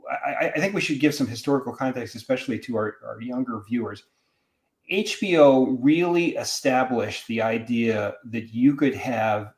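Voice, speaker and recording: A man, a professor, talking as a podcast guest in a casual, animated way, often restarting his sentences. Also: medium pitch. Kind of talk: casual discussion.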